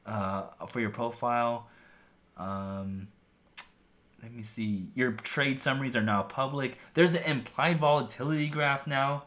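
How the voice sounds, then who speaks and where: A man's voice: mid-range voice, a bit bright. A young man hosting his own podcast in casual, rambling talk full of "like" and "um", his voice a bit worn as he is losing it. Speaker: podcast host.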